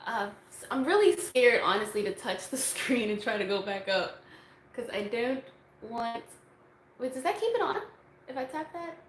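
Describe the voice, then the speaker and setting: A woman's voice: fairly high pitch, sing-song, moderate pace. Chatty young woman streaming from home. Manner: chatty and rambling, many fillers. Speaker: YouTube streamer answering viewer questions. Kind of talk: casual livestream Q&A. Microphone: phone on a tripod. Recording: echoey room, faint noise.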